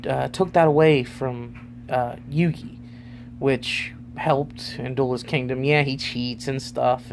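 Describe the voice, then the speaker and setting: Male vlogger, gravelly, rambling and informal. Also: mid-range voice, darkish tone, slight background noise. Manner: rambling, loose, lots of fillers. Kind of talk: casual vlog ranking.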